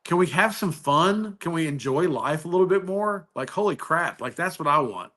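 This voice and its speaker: A man's voice: a little high, animated, normal speed, sharp tone. A man telling stories in casual chat on a live video call, enthusiastic and full of restarts. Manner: enthusiastic storyteller, many restarts.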